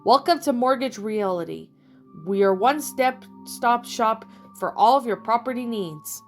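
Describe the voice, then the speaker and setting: A woman voicing a bubbly, hyperactive pink pony mare receptionist in an audiobook reading, with a high-pitched, chirpy voice and rapid excited chatter. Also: faint music behind. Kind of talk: audiobook character voice.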